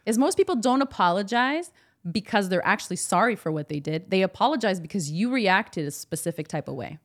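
A woman's voice: medium pitch, expressive, fairly quick. A woman tells a story from work on a casual podcast. She acts out each person's lines, swears freely, and swings her voice up and down as she goes. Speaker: podcast co-host. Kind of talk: casual chat.

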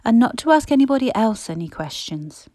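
A woman voicing a gentle, worried Victorian mother who speaks softly and tenderly, in a storybook reading. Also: fairly high pitch, very animated, brisk, dry recording, voice pushed up. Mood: earnest. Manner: soft, hushed, tender.

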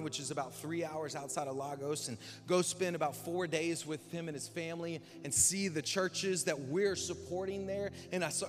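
Young male pastor preaching in an echoing hall. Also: fairly high pitch. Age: young adult. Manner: dynamic, swinging from hushed and slow to loud and emphatic; casual, conversational asides with fillers like "like" and "man". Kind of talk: sermon. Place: large church hall. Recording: reverberant hall with music behind. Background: background music.

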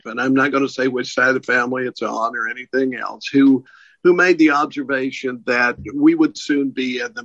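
An older man talks in casual conversation, halting and restarting as he goes. The audio is dull and muffled. It is also dry, with no room sound. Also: medium pitch, fairly bright tone, no room sound. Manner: halting, many restarts and fillers. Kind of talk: casual chat.

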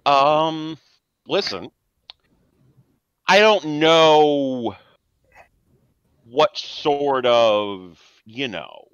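A man's voice: fairly high pitch, very slow, pauses often, fairly bright tone, clean tone, dry recording, muffled recording, voice pushed up. A man voicing a burly, cocky male vampire gang leader who talks slangy and teasing. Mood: wary.

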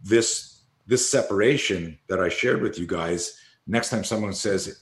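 A man's voice: fairly low pitch, normal speed, hardly any pauses. A man hosting a podcast, talking through ideas reflectively in casual chat. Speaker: podcast host.

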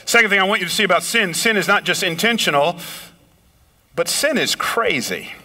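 A middle-aged man preaching a sermon, swinging his pitch up and down and slowing or raising his voice for emphasis. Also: sharp tone. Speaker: pastor. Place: lives in a big city apartment.

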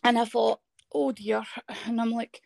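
Woman, thirties, Scottish accent, gravelly, dry close sound, animated storyteller. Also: a little high, a little slow, no room sound. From Scotland. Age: 30s. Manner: animated storytelling, acting out quoted dialogue. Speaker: guest. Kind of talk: personal story in conversation.

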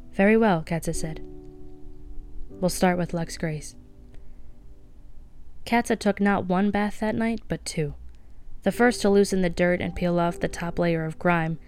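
A woman with a low, smooth voice reads a novel aloud in a soft-spoken way, giving the characters light touches of voice. Quiet music plays faintly behind her. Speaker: audiobook reader.

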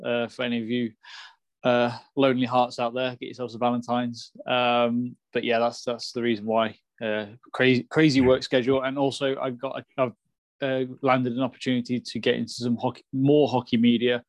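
Flat-voiced podcast co-host. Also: male voice, mid-range voice, normal speed, no room sound. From England. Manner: explanatory, repeats words when starting phrases. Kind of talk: casual podcast chat.

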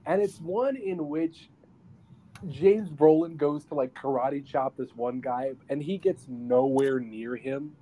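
A man co-hosting a podcast, casually retelling a film in animated fashion and slipping into quick voice impressions. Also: fairly high pitch. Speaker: podcast co-host reviewing a film. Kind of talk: casual chat.

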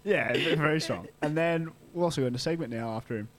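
A man's voice: a little high, fast talker. A young man, co-hosting a student radio show in rambling casual chat with dry jokes.

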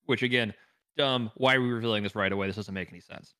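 A man's voice: fairly low pitch, clear, resonant tone, no room sound, clean studio sound. A man co-hosting a casual chat, ranting profanely about a show and acting out quotes. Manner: fast, animated, profane ranting with acted-out quotes. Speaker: podcast co-host.

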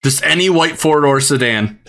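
A man's voice: fairly high pitch, lively intonation, normal speed, vocal fry, sharp tone. A man hosting a podcast from his home studio, chatting casually, laughing often and restarting sentences. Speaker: podcast host. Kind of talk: casual chat.

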